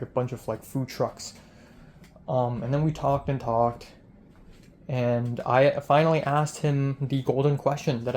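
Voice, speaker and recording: A young man of middling pitch tells his day in a loose vlog diary, rambling through it with a steady stream of "like" and acted-out snippets of what people said. He is a film student talking straight to the camera, with a faint hiss underneath. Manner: rambling storytelling full of "like" and retold dialogue.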